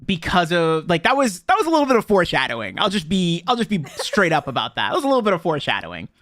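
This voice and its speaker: A man's voice: high voice, huge pitch swings, fast talker, fairly bright tone, no room sound, clean studio sound. A man co-hosting a casual podcast about a video game, joking and laughing often as he talks. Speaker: podcast co-host.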